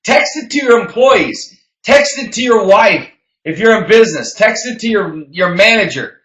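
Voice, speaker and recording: A man's voice: high voice, animated, moderate pace, a bit bright, roomy sound, rough recording. A man co-hosting a business talk show, emphatic and preachy, repeating phrases for effect. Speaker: podcast co-host.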